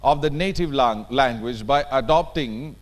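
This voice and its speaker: With a mid-range voice and an unhurried delivery, a workshop trainer leads a lecture workshop in a conference hall. He speaks with an Indian English accent, emphatically, and frequently checks in with those attending.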